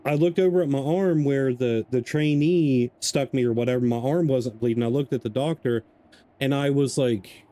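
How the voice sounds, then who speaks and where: A man talking casually over a live game stream, drifting from a long rambling anecdote into commentary on what he is playing. His voice is mellow and warm, pitched in an ordinary middle range, and he breaks into laughter often. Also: moderate pace.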